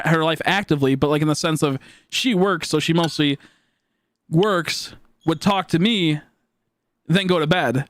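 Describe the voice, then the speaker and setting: A man talking casually to his live-stream chat, telling stories in an animated, rambling way and laughing often. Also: a little high, no room sound, clean studio sound.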